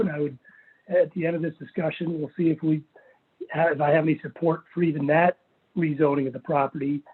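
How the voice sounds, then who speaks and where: A man's voice: on the high side, slightly rough. A man presenting his case at a city planning hearing, reading and stressing passages from a plan in an earnest, methodical way over a video call. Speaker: property owner applicant. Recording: phone-like virtual meeting audio.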